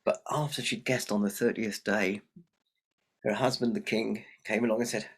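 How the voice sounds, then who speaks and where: Male storyteller, lively and chatty, husky voice. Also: lowish voice, moderate pace. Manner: lively, chatty, addresses the audience. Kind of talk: oral folk tale telling.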